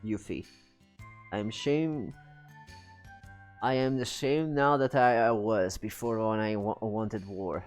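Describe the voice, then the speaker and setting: A man doing a grave old warlord father, low and heavy. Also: slow pace, pauses often, faint music behind. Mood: solemn. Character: stern aging male warlord father, regretful.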